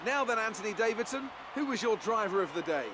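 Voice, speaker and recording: A man's voice: high-pitched, lively intonation, quick pace. An actor playing a male TV race presenter in a racing game, giving scripted broadcast commentary in a polished, formal delivery. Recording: clear background noise.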